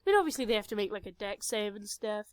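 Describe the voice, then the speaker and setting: A woman's voice: medium pitch, animated, fast, smooth, dry recording. A young woman casually retelling a tabletop game session with rambling, self-mocking, crude humor, recorded on a cheap home microphone. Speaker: storyteller recounting a tabletop game. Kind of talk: casual narrated storytelling.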